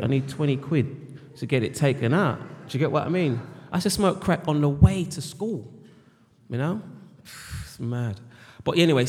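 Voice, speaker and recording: A middle-aged British man giving a candid personal testimony about his recovery, rambling and repeating words and phrases. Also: medium pitch. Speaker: speaker sharing his recovery story. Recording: long hall reverb.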